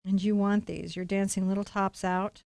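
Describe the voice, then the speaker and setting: A woman's voice: mid-range voice, level tone, moderate pace, gravelly, darkish tone, no echo. Encouraging woman teaching painting, dry sound. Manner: encouraging, playful, talks to viewers directly. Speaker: painting instructor. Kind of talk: live-streamed painting lesson.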